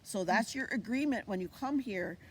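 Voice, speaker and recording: At normal speed and medium pitch, a woman talks expressively as she leads a fall plant walk outdoors. She's an Indigenous cultural teacher giving an informal teaching talk, full of animated storytelling in which she acts out the voices she quotes.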